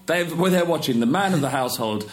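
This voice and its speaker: A man's voice: on the high side, expressive, fast talker, slight background noise. A man co-hosting a casual podcast, blunt and jokey, swearing freely. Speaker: podcast co-host. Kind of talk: casual advice chat.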